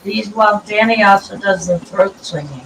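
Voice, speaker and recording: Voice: mid-range voice, moderate pace, distant mic, noisy background. A panel guest chatting casually and matter-of-factly, often trailing off and restarting. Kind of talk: casual chat.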